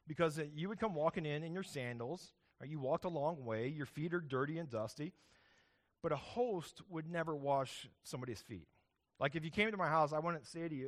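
Animated preacher, slightly high voice. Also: male voice, a little fast. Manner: conversational, animated, keeps asking 'right?'. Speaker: pastor. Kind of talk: sermon.

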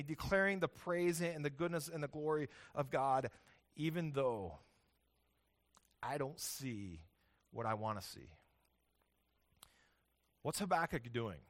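A man's voice: on the high side, fairly bright tone. A man preaching a sermon to a congregation, emphatic and earnest, often checking in with "right?". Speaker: pastor. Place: church hall with congregation.

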